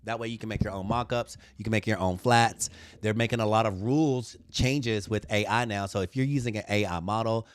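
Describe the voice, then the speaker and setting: A man's voice: fairly quick, smooth. A man hosting a live design tutorial stream. He chats with viewers in playful, sassy banter and calls them honey and girl. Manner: lively, swoops high when joking.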